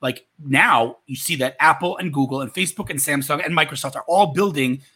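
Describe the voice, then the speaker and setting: Male guest, from Israel, quick and lively delivery, bright, slightly husky voice. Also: a little high. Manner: rapid, animated storytelling. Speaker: guest entrepreneur. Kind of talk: casual interview talk.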